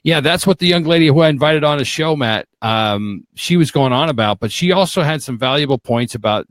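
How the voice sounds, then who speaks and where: A man's voice: fairly high pitch, lively intonation, fairly quick, a bit bright, no echo. Rambling middle-aged male talk host. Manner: rambling, joking, talks over others. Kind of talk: casual live talk show chat. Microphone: video call.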